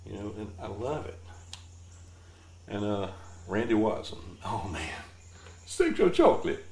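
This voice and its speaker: A man's voice: on the low side, fairly even intonation, measured pace, creaky, darkish tone. A man hosting a podcast, rambling through a laid-back, jokey monologue. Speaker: podcast host. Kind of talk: casual comedic monologue. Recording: roomy echo with faint background noise.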